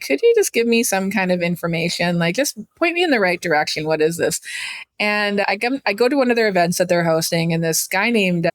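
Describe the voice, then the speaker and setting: Animated chatty woman telling a story. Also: lowish voice, no room sound. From Canada. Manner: animated, chatty, acts out quoted voices. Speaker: guest entrepreneur. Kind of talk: casual storytelling interview.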